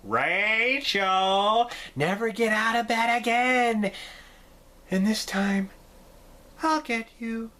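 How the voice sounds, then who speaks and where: A man's voice: high voice, drawn-out words, sharp tone, pitched above the performer's own voice, full character voice. A man voicing a sick, twisted girl who taunts in a menacing way.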